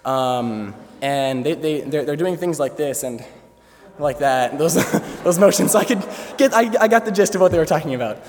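Young male student storyteller, slightly high voice, halting and filler-heavy, long hall reverb. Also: lively intonation, darkish tone, slight background noise. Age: young adult. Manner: hesitant, many fillers, laughs through the story. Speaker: student speaker. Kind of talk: storytelling speech to an audience. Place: large hall before an audience. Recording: echoey hall, faint ambience.

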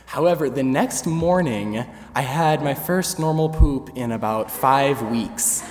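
A young man, a student, tells a crowd in a large hall a funny tale, hesitant and full of fillers, laughing as he goes. He speaks at a measured pace in a mid-range voice, against a noisy background, with an echoey hall and faint ambience.

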